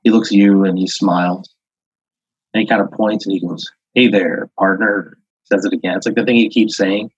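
A man with a low, husky voice spins an improvised second-person story, rambling along with plenty of "like" and "uh" fillers. The sound is dull and lo-fi, as from a basic podcast setup. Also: steady tone, fairly quick, darkish tone, dry recording. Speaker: podcast host. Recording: dull lo-fi audio.

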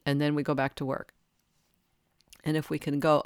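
A woman's voice: sits low, level tone, moderate pace, clear, resonant tone, no echo, studio quality. A middle-aged woman hosting a spiritual podcast, talking earnestly through a reflective monologue. She laughs at herself now and then and acts out her own inner complaints. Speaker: podcast host.

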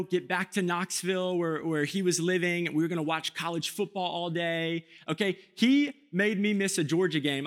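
A man in his thirties with a fairly high voice preaches to his church. He tells stories with self-mocking humor and acts out other people's lines. His tone is light and easy. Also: fairly bright tone. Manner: joking, self-mocking storytelling with acted-out quotes. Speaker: pastor. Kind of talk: sermon.

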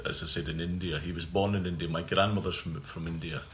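Man, low voice, storytelling. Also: steady tone, a bit bright. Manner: storytelling, halting restarts. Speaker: writer guest. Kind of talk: casual chat. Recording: roomy with faint ambient noise.

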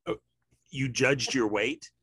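A man hosts a relaxed conversation, rambling and wry, slipping into sarcastic asides. His voice sits at an ordinary middle pitch, recorded dry and close with no room sound. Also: slow, husky, dry recording. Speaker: podcast host. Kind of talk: casual chat.

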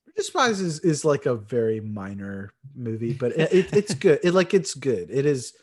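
A man's voice: mid-range voice, sing-song, moderate pace, darkish tone, breathy edge. A man in casual chat about films, enthusiastic and laughing, calling his friend dude and man.

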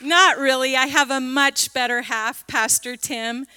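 Slow, bright-voiced female pastor. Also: high-pitched, clear, resonant tone, in a large hall, a faint crowd. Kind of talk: church welcome and announcements. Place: church sanctuary.

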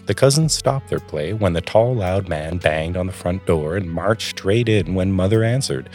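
Deep voiced guy reading a bedtime story, calm and measured. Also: soft background music. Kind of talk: storybook narration.

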